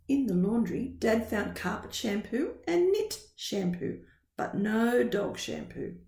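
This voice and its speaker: A woman reads a children's picture book aloud, slowly and with animated, sing-song expression. Her voice sits fairly high for a woman. The recording has a roomy echo. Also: creaky. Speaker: storyteller.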